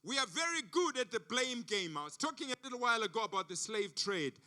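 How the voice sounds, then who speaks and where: A man from Africa preaches as a guest at a church service, telling stories emphatically and repeating phrases. His voice is very high-pitched and very animated, bright and forceful, moving at a quick pace.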